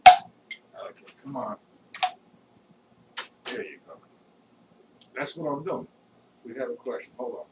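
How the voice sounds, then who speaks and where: A man's voice: mid-range voice, slow pace, pauses often, noisy background. A man teaching a live drum lesson, counting beats aloud as he demonstrates strokes. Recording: distant mic, loud drumming and clicks.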